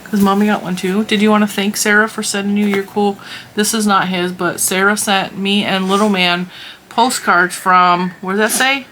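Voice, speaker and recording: A woman's voice: mid-range voice, fairly even intonation, moderate pace, a bit bright, a little hiss or hum. A woman hosting a vlog, chatting casually and teasingly with her child in a motherly way.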